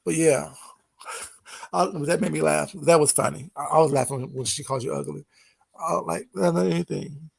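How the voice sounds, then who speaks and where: A man's voice: fairly high pitch, fairly even intonation, normal speed, gravelly, long pauses, husky. A man hosting a casual late-night livestream, gossiping with his chat in a teasing way and laughing often. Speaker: livestream host talking to chat.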